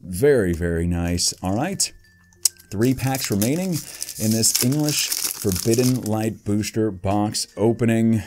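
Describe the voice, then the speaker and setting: A man giving casual card-opening commentary, listing card names in a low mutter and breaking into excited outbursts and jokey asides. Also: slow pace, over music. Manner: jokey asides about the cards. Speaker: YouTuber opening trading card packs.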